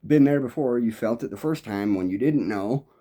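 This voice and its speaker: A man's voice: medium pitch, expressive, normal speed, dark tone. A man talking in a loose, rambling monologue, swearing constantly and restarting his sentences a lot. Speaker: musician.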